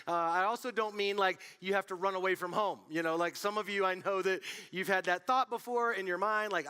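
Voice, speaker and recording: A young man preaching a casual youth sermon, telling stories with lots of fillers and an animated delivery. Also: high voice, brisk, hardly any pauses, clear, resonant tone. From Colorado. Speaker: youth pastor.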